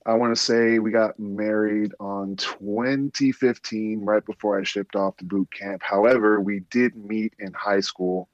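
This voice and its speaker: Young man with a Southern accent, polite, hesitant, low voice, dull line. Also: fairly even intonation, measured pace, few pauses, no echo. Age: 20s. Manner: polite, hesitant, many fillers. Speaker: caller. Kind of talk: casual phone-in chat.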